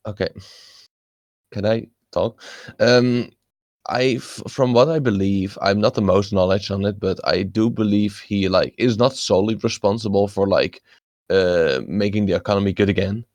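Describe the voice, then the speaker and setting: A man's voice: on the low side, fairly even intonation, moderate pace, darkish tone, dry recording. A man in casual podcast chat, hesitant and full of ums and uhs. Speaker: podcast co-host.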